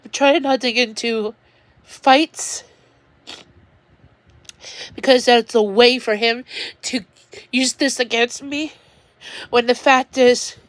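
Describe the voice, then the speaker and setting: A woman's voice: a little high, takes it slowly, pauses often, no room sound. A woman livestreaming from home, talking in a rambling, upset way and often restarting her sentences. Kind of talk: emotional personal livestream monologue.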